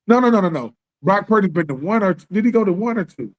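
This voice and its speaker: A man co-hosting a casual sports talk stream, slangy and animated, acting out other people's lines as he riffs. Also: high-pitched, fast talker. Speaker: podcast co-host. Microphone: live stream call.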